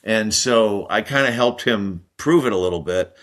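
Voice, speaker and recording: An American man in his sixties sits in as a podcast guest, telling an old sports story at length. His voice sits low, but he drives it with a bright, forceful edge. He slips in and out of other people's voices as he goes. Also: normal speed. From United States. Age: 60s. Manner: animated, acts out the people in his stories. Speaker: guest, former Olympic hockey player.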